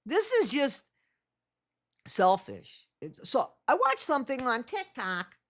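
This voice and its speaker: A woman's voice: high-pitched, wildly swooping pitch, takes it slowly. A woman hosting her own channel and giving blunt, sarcastic reaction commentary. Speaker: channel host.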